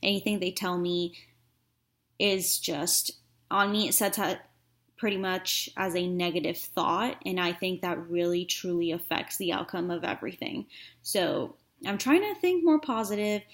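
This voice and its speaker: A woman's voice: on the low side, a bit bright. A woman vlogging a frank personal story in a chatty, casual way, with many fillers. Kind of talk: candid personal vlog storytelling.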